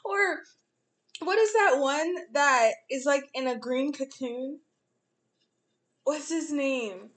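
A young woman in casual chat, animated and profane, often laughing as she talks. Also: sits high, slow pace, pauses often.

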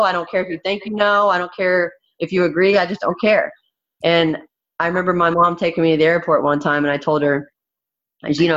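A woman's voice: lowish voice, fairly bright tone, dull audio. A woman fighter speaking bluntly and frankly in a candid interview, swearing freely.

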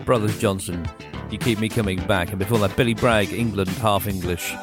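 A man in his forties presenting a late-night radio show in a low-key, rambling, self-deprecating way. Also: fairly even intonation, brisk, over music. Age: 40s. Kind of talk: laid-back radio presenting. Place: radio studio. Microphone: studio microphone.

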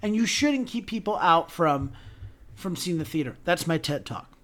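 A man co-hosting a podcast, talking about theater in an animated, emotional way with lots of restarts. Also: fairly high pitch, normal speed. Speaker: podcast co-host.

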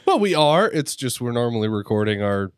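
A man's voice: medium pitch, sing-song, fairly quick, clear, resonant tone, dry recording. A man co-hosting a casual whiskey-tasting podcast, cracking dry, teasing jokes. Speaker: podcast co-host.

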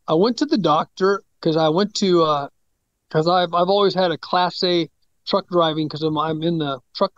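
A man's voice: high voice, no room sound, muffled recording. A middle-aged man, a pastor, telling a personal story in a rambling, casual way, correcting himself and acting out the voices he quotes.

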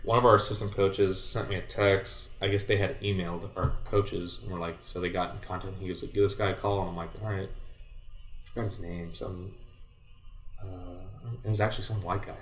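This guest, once a baseball player, is a young man from Southern California recounting his playing days at a normal pace in a lowish voice with little pitch movement. He leans on laid-back slang, constant "like" and "dude," and light cursing, leaping up high and loud when acting out his own lines. Roomy echo surrounds the casual storytelling.

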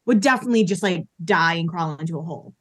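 A woman's voice: on the low side, lively intonation, fast, no room sound, studio quality. Frank thirtysomething woman from Massachusetts. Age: 30s. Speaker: podcast guest. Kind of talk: casual chat.

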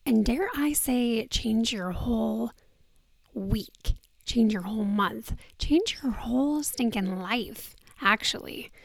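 A woman hosting a podcast in a casual, soft-spoken talk, with a groggy morning voice that often drops to a breathy near-whisper, speaking into a handheld microphone. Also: fairly high pitch, slow. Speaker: podcast host. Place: indoors on vacation.

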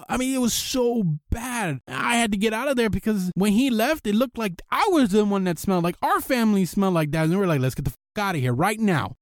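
Lively blunt-talking man giving dating advice. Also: sits high, no echo, clean studio sound. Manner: animated, blunt, swears casually. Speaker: podcast host. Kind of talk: casual advice monologue.

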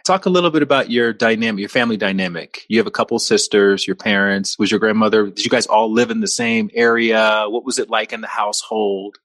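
A man's voice: on the low side, fairly quick, few pauses, a bit bright, dry recording, clean studio sound. A man hosting a podcast, introducing his guest and then interviewing her in a friendly, teasing way. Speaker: podcast host.

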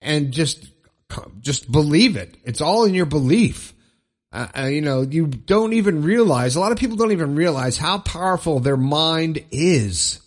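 A man's voice: a little high, lively intonation, moderate pace. A middle-aged man hosting a solo motivational podcast, upbeat and rambling, often repeating phrases for emphasis. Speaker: podcast host. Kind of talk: solo motivational talk show.

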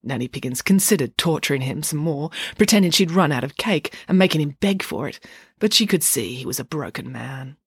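Expressive woman reading a children's story. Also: deep voice, fairly quick, breathy edge, no echo. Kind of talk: reading a children's book aloud.

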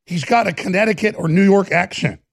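A Texan man delivers a sarcastic political rant in a high, gravelly voice. His tone is husky and mocking, and the recording is bone dry with no room sound. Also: expressive, normal speed, no room sound. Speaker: political commentary host. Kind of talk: opinionated political commentary.

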